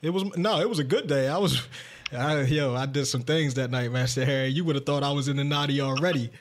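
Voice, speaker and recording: A man hosting a podcast, telling a story in casual chat, animated and profane, jumping into a high excited voice when he quotes himself. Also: a little fast. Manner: animated, swearing, acts out his own lines in a high excited voice. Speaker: podcast host.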